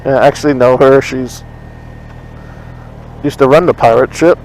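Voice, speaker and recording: A man talks while riding a motorcycle on city streets, casually rehashing an argument with blunt, profane language. His mid-range voice is a little mellow, fairly even in intonation, at a moderate pace. Faint traffic and street noise sit under poor-quality audio.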